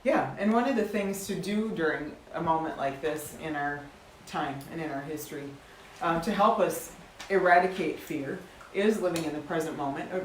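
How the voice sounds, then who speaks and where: A woman's voice: deep voice, reverberant, slight background noise, low-quality recording. A woman co-hosting a faith talk show, coaching listeners earnestly in a casual way.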